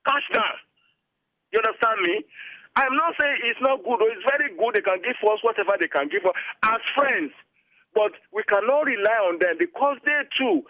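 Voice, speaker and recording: A man's voice: high-pitched, highs cut off. A retired army colonel in his fifties with a Nigerian accent, giving emphatic, lecturing interview answers and often checking that he is understood. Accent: Nigerian English. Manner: emphatic, repetitive, keeps asking "you understand me?".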